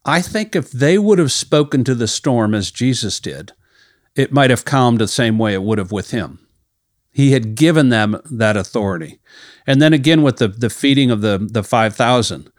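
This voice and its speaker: A man's voice: medium pitch, very animated, normal speed, dry recording, clean studio sound. A man hosting a ministry podcast, reading Bible passages aloud and then explaining them in a conversational teaching manner.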